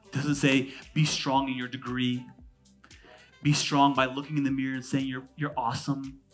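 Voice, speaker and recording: A man in his thirties, a pastor from California, preaching a sermon. He jumps between loud, emphatic lines and hushed asides, with quick, conversational humor. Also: mid-range voice, level tone, faint music behind.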